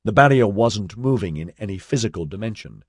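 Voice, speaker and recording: A man narrating an audiobook in a measured storytelling manner, voicing all the characters. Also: fairly low pitch, animated, husky, no room sound, clean studio sound. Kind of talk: scripted narration.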